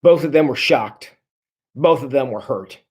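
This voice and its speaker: A man leading a church book discussion, earnest and halting, with many restarts and fillers. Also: medium pitch, darkish tone, slightly rough.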